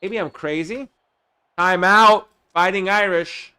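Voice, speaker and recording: A man's voice: high-pitched, slow pace, clean tone. A man live-streaming a football video game, calling the plays and chatting with his viewers, sometimes drifting away from his mic. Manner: bursts into excited play calls, then drops to quiet chat asides. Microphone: desk mic he drifts away from.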